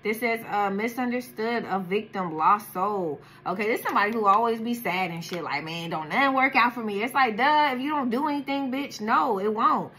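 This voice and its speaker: A woman's voice: fairly high pitch, normal speed, few pauses, fairly bright tone. Woman, tarot reader, casual reading, blunt, profane, slangy, faint noise behind. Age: adult, has a daughter.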